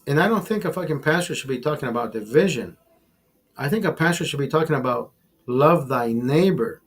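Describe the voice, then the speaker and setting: A man's voice: a little high, lively intonation, a little fast, husky. Heated, profane man ranting to his chat. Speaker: livestream host. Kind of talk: casual talk to a live chat.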